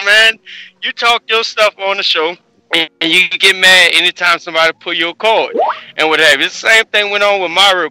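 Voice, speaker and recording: A man's voice: high-pitched, pushed and bright, dry recording, rough recording. A man calling into a show and confronting another speaker in a calling-out way. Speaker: caller. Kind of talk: casual call-in rant.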